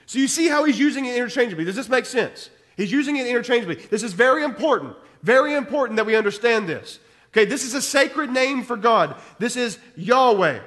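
A man's voice: very high voice, animated, normal speed, a bit bright, in a large hall. A man preaching a sermon, teaching verse by verse and stopping often to ask his listeners "okay?". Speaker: pastor.

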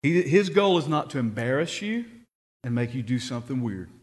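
A man preaching a sermon, telling stories and rising to excited shouts when he quotes people. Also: medium pitch, normal speed. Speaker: pastor.

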